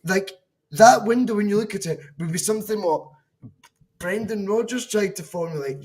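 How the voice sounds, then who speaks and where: A Scottish man with a high voice for a man vents about his club, swearing freely and slipping into mocking imitations of others. His talk is loose, fast-shifting and full of restarts. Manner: animated ranting, swears, mock quotes. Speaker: podcast co-host. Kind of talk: casual football chat.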